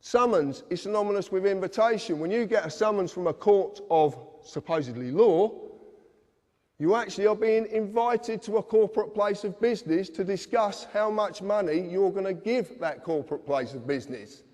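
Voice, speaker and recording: The man's voice is high-pitched and darkish, at a normal speed, as he lectures a live audience with earnest insistence and addresses them directly. The recording carries the long reverb of a hall.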